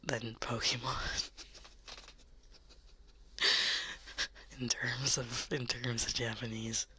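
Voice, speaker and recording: A woman streamer rambling through soft ASMR chat, giggling often and speaking close to a sensitive microphone. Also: a bass voice, little pitch movement, extremely slow, pauses often, slight background noise.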